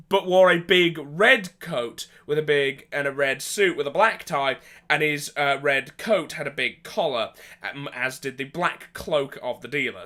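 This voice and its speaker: A man's voice: medium pitch, sharp tone. A man hosting a podcast, telling a rambling, casual story from his tabletop games, full of fillers and restarts and with the odd offhand swear. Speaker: podcast host.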